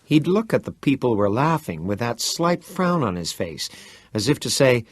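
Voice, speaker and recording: A man's voice: mid-range voice, very animated, moderate pace, breathy edge, no echo. A man reading a novel aloud in the first person, telling the story expressively. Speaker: audiobook narrator.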